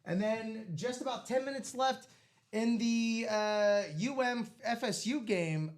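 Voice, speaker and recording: A man co-hosting a live sports card break, running through scores in animated, casual banter. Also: very high voice, takes it slowly.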